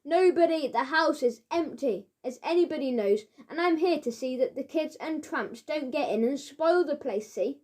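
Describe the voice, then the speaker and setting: A woman voicing a surly, bad-tempered male caretaker who shouts at children in a storybook reading. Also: high voice, animated, moderate pace, few pauses. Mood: angry shouting. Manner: shouting, threatening. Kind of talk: children's audiobook character voice.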